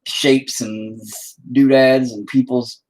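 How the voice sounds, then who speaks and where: Level in tone and a little mellow, a man's mid-range voice unfolds slowly. While painting on stream, he reads viewer chat and drifts through casual talk that is profane and self-mocking.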